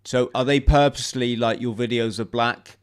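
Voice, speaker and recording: Smooth-voiced enthusiastic male host. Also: mid-range voice, steady tone, moderate pace. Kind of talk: casual conversation.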